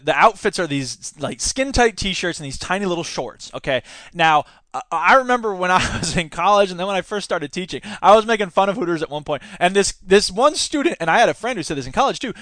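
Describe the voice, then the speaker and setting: A man's voice: high voice, a bit bright, no room sound, clean studio sound. A man hosting a podcast, giving casual, sarcastic commentary and laughing often as he talks. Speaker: podcast host; teacher.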